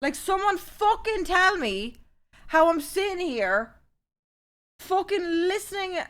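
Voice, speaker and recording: A young woman streaming live, chatting casually and cursing freely, given to loud rants. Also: very high voice, big pitch swings, takes it slowly. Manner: foul-mouthed, swings into loud ranting outbursts.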